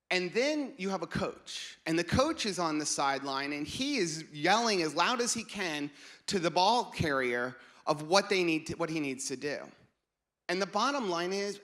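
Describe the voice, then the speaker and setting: A man in his forties gives a relaxed devotional talk with a slightly raised pitch. He tells his story in a chatty way and drops into other people's voices as he goes. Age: 40s. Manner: conversational storytelling, acts out voices. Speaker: children's pastor giving a devotion.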